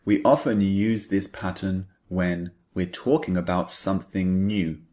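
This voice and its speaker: A man's voice: deep voice, fairly even intonation, a little slow, warm tone. A man teaching an English lesson, patiently explaining phrases and repeating example sentences with emphasis.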